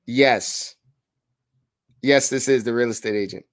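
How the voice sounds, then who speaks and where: A man's voice: medium pitch, unhurried, long pauses, no room sound. A man in a casual, upbeat style making live sales phone calls and coaching the audience between them, often repeating words as he restarts.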